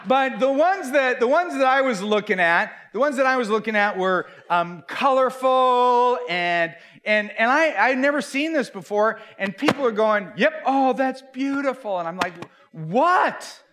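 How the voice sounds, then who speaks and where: A middle-aged male pastor speaks to a room of youth leaders with a fairly high, bright-edged voice. He tells stories with comic timing, mocks himself and slips into the voices of the people in them. His delivery is animated and conversational rather than preached. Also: moderate pace, hardly any pauses. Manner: animated storyteller, acts out quoted voices, self-mocking. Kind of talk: humorous conference talk. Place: large conference hall.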